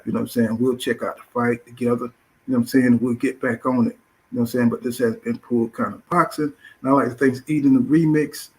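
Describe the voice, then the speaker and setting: Middle-aged male boxing host, loose and profane, mid-pitched, fillers in every sentence. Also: poor audio. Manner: profane, filler-heavy, says "you know what I'm saying" constantly. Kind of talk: casual boxing talk.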